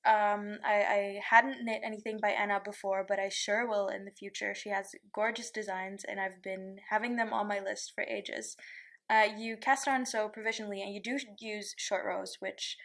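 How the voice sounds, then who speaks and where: A woman chatting about her knitting, gushing and talking quickly in an excited way. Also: mid-range voice, creaky. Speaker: knitting podcaster. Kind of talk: casual chat.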